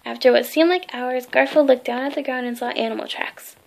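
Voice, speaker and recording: A woman reads a bedtime story aloud, gently and with small asides. Her voice sits high and has a noticeable gravelly fry. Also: steady tone, brisk, a little hiss or hum. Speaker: reader.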